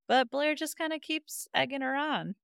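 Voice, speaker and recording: A woman's voice: high-pitched, moderate pace, creaky, a bit bright, dry recording, clean studio sound. A woman co-hosting a casual podcast, animatedly retelling scenes and acting out the characters' lines with frequent laughter. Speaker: podcast co-host. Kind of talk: casual chat recapping a TV episode.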